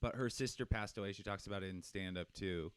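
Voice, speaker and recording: A man's voice: deep voice, quick pace, clean tone, no echo. A man co-hosting a podcast in casual chat, rambling and self-deprecating, trailing off with fillers. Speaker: podcast co-host.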